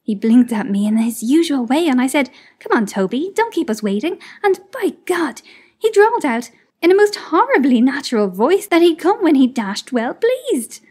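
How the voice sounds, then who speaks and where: A woman voicing a startled English country gentleman, speaking breathlessly and in agitation in a read-aloud story. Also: high voice, wildly swooping pitch, takes it slowly, few pauses, breathy edge, full character voice. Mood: breathless shock.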